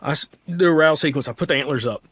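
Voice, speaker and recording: A man's voice: a little high, rapid-fire, a bit bright. A young man from Alabama, a hunting podcast host, casually retelling a hunt in a rambling way with quoted dialogue. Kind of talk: casual storytelling.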